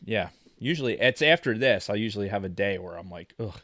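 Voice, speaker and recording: Brief: male podcast co-host, low and worn-out voice, easygoing and profane, dry close sound. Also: animated, a little fast, fairly bright tone, no echo. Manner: laid-back, swears freely. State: tired, strained voice. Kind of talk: casual podcast chat.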